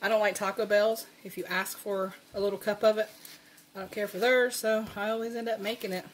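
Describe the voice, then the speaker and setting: A woman with a Southern American accent talks through a home recipe in an easy, folksy way, laughing often. Her pitch sits in the middle for a woman. Faint kitchen noise, with dishes and utensils clinking, runs under her voice. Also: fairly even intonation, a little fast. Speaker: cooking channel host. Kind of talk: casual cooking demonstration.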